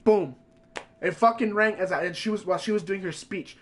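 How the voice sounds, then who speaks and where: A man's voice: sits high, brisk, fairly bright tone. A man streaming from home, telling a profane, heated story in a casual way.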